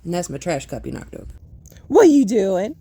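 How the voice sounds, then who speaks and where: A woman's voice: on the low side, big pitch swings, a little fast, vocal fry, warm tone, a little hiss or hum. A woman talking baby talk to her dog in a cooing, teasing, sing-song way. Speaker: dog owner.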